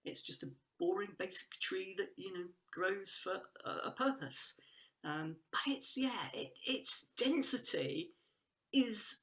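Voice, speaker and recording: A woman's voice: medium pitch, expressive, slow pace. A woman talking as a guest about trees and woodland work, enthusiastic and rambling, with frequent restarts and laughs. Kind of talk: casual conversational chat.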